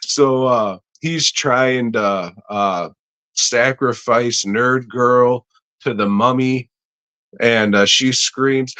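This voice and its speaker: A man's voice: mid-range voice, extremely slow, sharp tone, smooth, muffled recording. A man co-hosting a podcast, casually retelling a movie plot in a rambling, profane way with frequent laughs. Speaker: podcast co-host.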